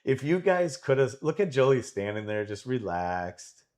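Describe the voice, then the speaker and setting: A man's voice: medium pitch, sing-song, moderate pace, darkish tone. A man coaching and commentating a pool match live from his club, enthusiastic and rambling with many restarts.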